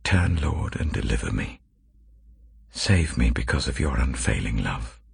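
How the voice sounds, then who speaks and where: A man slowly and solemnly reading scripture aloud, with a very deep, gravelly, husky voice. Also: no echo. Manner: slow, measured, expressive reading. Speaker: scripture reader.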